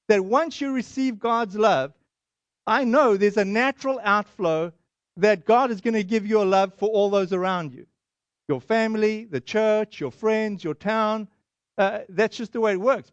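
A man with a high voice preaching a sermon, moving between Bible verses, a lively story and quiet prayer. He talks in an animated way and acts out the voices he quotes. The sound is dry and slightly dull, with no room echo. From Boston area.

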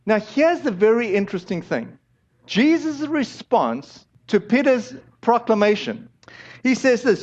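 A male pastor delivers a sermon in a loose, conversational way, often restarting his phrases. His voice sits high for a man. The recording is dull and lo-fi. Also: big pitch swings, unhurried, darkish tone. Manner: conversational, hesitant with restarts and fillers.

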